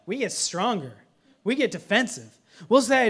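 A man preaching a sermon in a conversational way, mixing humorous family stories with earnest teaching and swinging from hushed lines to loud ones. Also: high-pitched, big pitch swings, slow, long pauses, slightly rough. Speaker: pastor.

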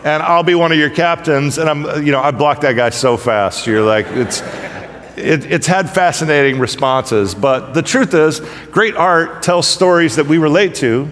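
Man, pastor, casual joking sermon, slightly high voice, long hall echo. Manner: conversational, joking, animated storytelling.

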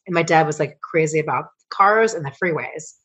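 A middle-aged woman, a coach and founder, telling personal stories as a podcast guest, emotional and swearing freely as she rambles with quick restarts. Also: low-pitched, fairly bright tone, husky, lo-fi sound. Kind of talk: candid storytelling interview.

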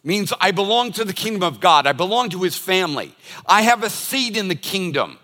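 An older male pastor delivers a sermon in a forceful, bright voice pitched a little high. He tells stories and acts out everyday moments as he preaches. His words ring out with the long reverb of a large hall. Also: sing-song, a little fast. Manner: storytelling, acting out everyday scenes.

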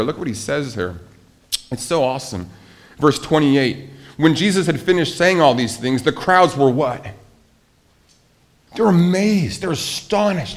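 A male pastor preaching a conversational sermon, lively and animated, asking the congregation rhetorical questions. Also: on the high side.

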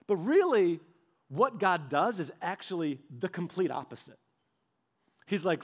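Pastor guy in his 30s, fairly high voice, chatty sermon full of "like", does little voices for everyone in his stories. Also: measured pace, long pauses. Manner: animated, acts out quoted voices; conversational, with filler "like" and restarts. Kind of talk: casual storytelling sermon.

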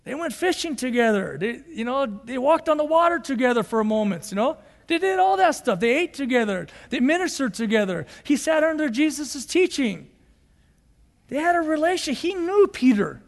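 A man with a very high voice preaches a sermon as pastor, acting out the quoted dialogue with lively energy. His voice carries a long reverb from a large hall. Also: normal speed.

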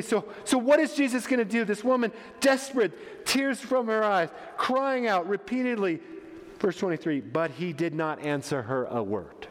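A man preaching a sermon in a church hall, emphatic and passionate, with frequent stammering restarts. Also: high-pitched. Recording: long church hall reverb.

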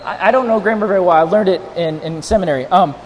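A male pastor preaching a sermon, switching between loud, near-shouted emphasis and softer, tender passages while straining his voice without a monitor. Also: sits high, fast, in a large hall, a little hiss or hum.

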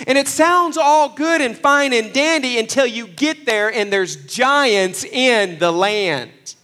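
A man preaching a sermon, swinging between loud, fervent passages and hushed asides, acting out the voices he quotes. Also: very high-pitched, animated, slow, hardly any pauses. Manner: acts out quoted voices with folksy phrasing. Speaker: pastor.

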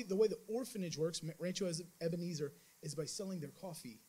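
A man with a somewhat high, husky voice gives a mission trip report to his church. He tells it as a loose, animated story, restarting sentences often. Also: normal speed, few pauses, low-quality recording. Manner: animated storytelling with many restarts and acted-out quotes. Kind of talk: informal sermon testimony.

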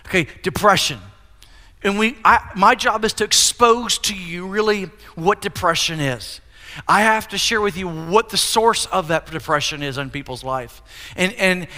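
A man's voice: sits high, pushed and bright. A middle-aged man preaching a candid, earnest sermon as pastor of his church, building to emphatic peaks. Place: church sanctuary. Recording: long hall reverb.

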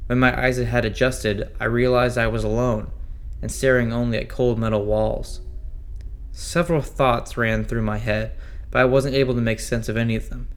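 A man's voice: medium pitch, steady tone, normal speed, a little hiss or hum. Man narrating a sci-fi horror tale. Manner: tense, dramatic storytelling. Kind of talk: first-person horror story reading. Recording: narration over clear music. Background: music.

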